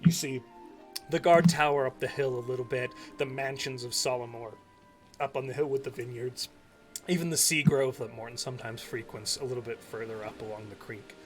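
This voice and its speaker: A man narrating a tabletop game as game master in a relaxed, rambling way. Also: mid-range voice, fairly quick, soft background music.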